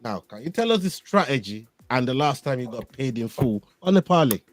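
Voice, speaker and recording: A man's voice: medium pitch, sing-song, a little fast, no room sound. Man teasing his co-host on a dry mic. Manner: teasing, needling, laughs at others. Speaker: MMA podcast host. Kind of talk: casual sports banter.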